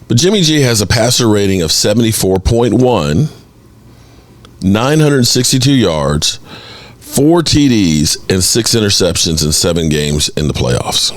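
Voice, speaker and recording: A low-voiced man hosts a sports podcast, his pitch swinging widely as he argues his case. He talks in an exasperated, opinionated way, building to mocking emphasis. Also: measured pace. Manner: animated, exasperated, mocks critics in exaggerated voices.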